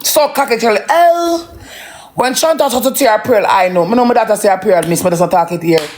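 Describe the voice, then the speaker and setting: A parent with a Jamaican accent in an emotional, profane ranting monologue that swings between slow brooding and heated outbursts. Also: mid-range voice, darkish tone. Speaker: social media livestreamer.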